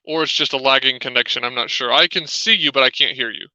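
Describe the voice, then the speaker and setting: A man's voice: mid-range voice, quick pace, sharp tone, no echo, dull audio. A man co-hosting a live-streamed discussion, talking casually with lots of "um" fillers and putting questions to his co-host over a video call. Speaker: livestream co-host.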